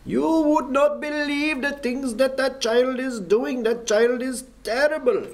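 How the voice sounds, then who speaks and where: Man putting on a shrill ranting bus driver. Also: steady tone. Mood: indignant ranting. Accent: Pakistani. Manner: rapid insistent ranting, repeats himself. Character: agitated, indignant male bus driver, middle-aged.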